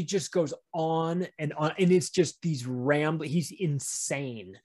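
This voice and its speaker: A man's voice: fairly high pitch, slow, few pauses. A man chatting on a podcast, telling rambling stories with lots of restarts. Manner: rambling, animated storytelling with frequent restarts. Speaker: podcast guest. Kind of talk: casual podcast chat.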